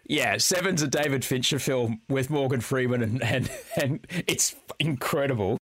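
A man co-hosting a podcast, recapping in a quick, jokey, casual chat. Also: mid-range voice, fairly bright tone. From Australia. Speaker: podcast co-host.

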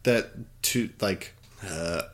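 A man co-hosting a podcast, earnestly defending his view of a movie in casual chat, often restarting his sentences. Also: low voice. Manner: insistent, earnest, halting with restarts. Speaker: podcast co-host.

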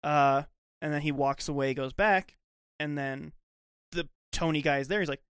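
A man's voice: a little high, normal speed, smooth, dry recording, studio quality. A young man co-hosting a podcast, animatedly retelling scenes and swearing in casual chat. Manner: animated, acts out quotes, swears. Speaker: podcast co-host.

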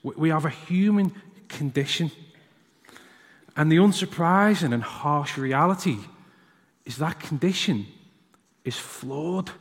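Uk guy preaching, telling a story about his kid, slightly high voice, echoey church. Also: unhurried, long pauses. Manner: storytelling, acts out his young son's voice. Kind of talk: sermon with personal story. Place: church hall.

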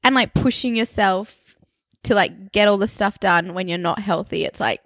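A young woman co-hosting a casual podcast, bubbly and animated, full of "like" fillers, close to the microphone. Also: medium pitch, normal speed, no room sound. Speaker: podcast co-host. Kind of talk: casual chat.

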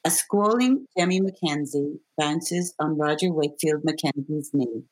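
A woman guest, an actress, reading the stage directions in a crisp, even way. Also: deep voice, normal speed.

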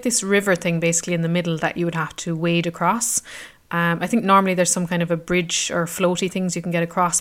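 A woman of about thirty, chatting casually about her travels, rambling with many fillers. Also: on the low side. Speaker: travel vlogger.

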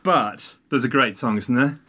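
A man chatting casually, telling a long story with animated asides and tangents. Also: mid-range voice, normal speed, husky. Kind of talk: casual chat.

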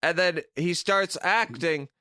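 A man's voice: a little high, slow pace, pushed and bright, no echo, studio quality. A man co-hosting a podcast in casual chat, blunt, opinionated and sweary. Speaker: podcast co-host.

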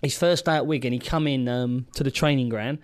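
A man's voice: mid-range voice, fairly quick, slight background noise. A man, a former footballer co-hosting a podcast, who tells stories with lots of energy and acts out his old teammates. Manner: animated storyteller acting out teammates' voices. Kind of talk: casual storytelling chat.

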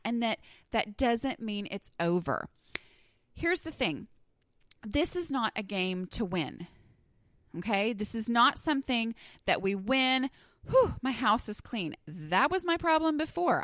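A woman's voice: mid-range voice, a bit bright, dry recording, studio quality. A middle-aged woman with a Southern US accent, hosting a casual solo podcast in a chatty, self-deprecating, easily sidetracked way. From Southern United States. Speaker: podcast host.

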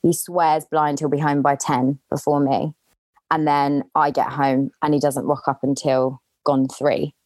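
Low-voiced woman telling a candid story. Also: unhurried, no room sound. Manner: animated, acts out quoted lines in a higher voice. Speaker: podcast guest.

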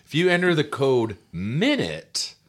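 A man's voice: mid-range voice, wildly swooping pitch, measured pace. A man co-hosting a comedy podcast, teasing his partner in casual banter. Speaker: podcast co-host.

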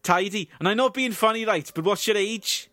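A man's voice: normal speed, no room sound. Pushy Welsh-accented male border officer, done by a man; comic podcast bit. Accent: put-on Welsh. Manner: jokey put-on Welsh lilt, high and loud.

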